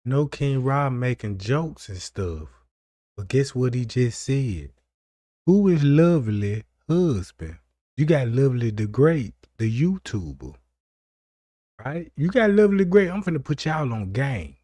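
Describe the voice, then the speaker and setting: A man hosting a livestream, talking straight to his viewers in a mocking, animated way. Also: medium pitch, a little slow, long pauses, no echo. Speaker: stream host. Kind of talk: livestream commentary.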